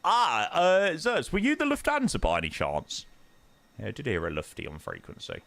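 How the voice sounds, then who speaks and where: A man's voice: a little high, huge pitch swings, normal speed, vocal fry, a bit bright. A young man chatting casually on a flight-sim live stream, bantering with chat in slang.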